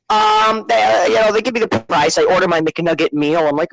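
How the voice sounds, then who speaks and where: A man telling a comic story, profane and exaggerated, swinging from hushed murmurs to shouted rants. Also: high voice, brisk, creaky, no echo, rough recording. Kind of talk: comedic storytelling.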